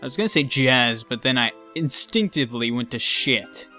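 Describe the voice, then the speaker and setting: A man's voice: medium pitch, expressive, moderate pace, pushed and bright, faint music behind. A man giving casual gameplay commentary, ranting with exasperated profanity and jokes. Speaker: let's play commentator.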